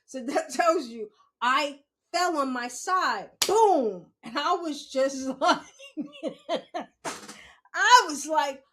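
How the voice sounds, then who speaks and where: A woman's voice: high voice, animated, slow pace, a bit bright. A young woman podcast host telling a story in a casual monologue, laughing often and swearing freely.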